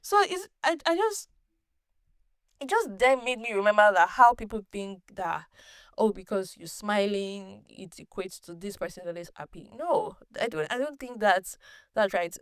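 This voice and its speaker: A woman hosting her own podcast, telling a personal story in a casual, animated way, laughing often and restarting sentences. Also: medium pitch, normal speed, smooth, no room sound, studio quality. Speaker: podcast host.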